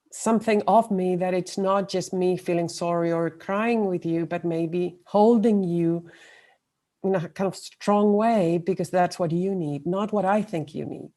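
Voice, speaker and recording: A woman on a video call adding a thoughtful comment to a webinar discussion. Her voice is low and mellow, and she speaks very slowly with pauses and "um"s. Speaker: webinar participant.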